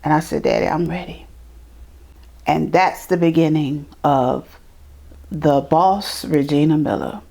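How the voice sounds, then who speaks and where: Middle-aged woman guest, animated storyteller, slightly low voice. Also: unhurried, vocal fry, pauses often. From New York. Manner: animated, acts out quoted voices, repeats words. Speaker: interview guest. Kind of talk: storytelling in conversation.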